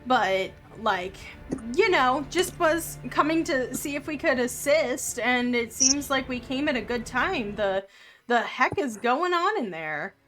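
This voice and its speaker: A woman's voice: high voice, lively intonation, a little slow, a bit bright, soft background music. A woman voicing a flustered young woman priest in red robes who talks hesitantly, full of ums.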